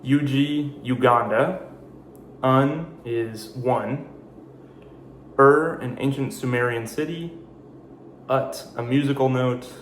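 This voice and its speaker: A man hosting a casual video explainer, giving deadpan definitions with jokey asides. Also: medium pitch, echoey room, a little hiss or hum. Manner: dry, jokey asides between slow definitions. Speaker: video host. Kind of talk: casual explainer reading a word list.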